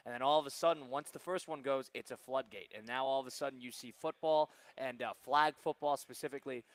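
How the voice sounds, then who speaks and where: A man's voice: mid-range voice, fast talker, no room sound. A man hosting a live sports talk radio show, thanking a guest and wrapping up the segment in an upbeat way.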